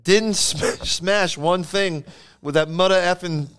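A man's voice: high voice, slow pace, a bit bright, clear, resonant tone, pitched above the performer's own voice. A man voicing an indignant comedy club owner who swears nonstop as he rants.

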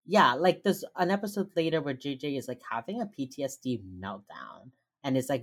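A woman's voice: a bass voice, brisk, few pauses. A woman chatting casually as a co-host, recapping a TV episode and acting out the characters' lines. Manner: animated, acts out characters' lines in put-on voices. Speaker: podcast co-host. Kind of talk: casual chat recapping a TV show.

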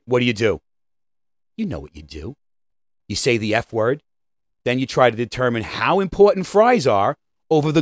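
A podcast host with a fairly high voice rants casually and animatedly, swearing now and then and checking in with "right?" over and over. The studio-quality recording has no echo.

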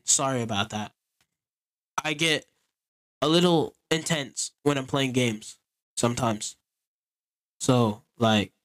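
A gaming video creator with a mid-range, slightly bright voice offers casual, rambling gameplay commentary, easygoing as he talks to his viewers.

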